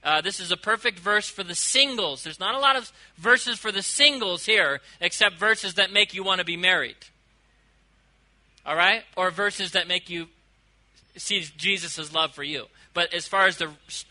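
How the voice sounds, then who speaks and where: Male pastor, high voice, very bright tone, animated sermon delivery, loud then hushed. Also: rough recording. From United States. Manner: animated, swings from loud emphasis to quiet asides, drawn-out quotes.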